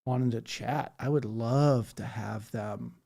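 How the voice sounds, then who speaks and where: A man's voice: medium pitch, unhurried, vocal fry, mellow. A man hosting a casual livestream, chatting loosely and reading out viewer comments. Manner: rambling, chatty, reads chat comments aloud. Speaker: livestream host.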